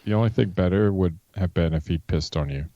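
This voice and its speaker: A man with a very deep, gravelly voice dropping dry, deadpan one-liners on a podcast. His recording is dull and lo-fi, with clear noise behind him. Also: brisk. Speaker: podcast co-host. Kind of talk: casual podcast banter.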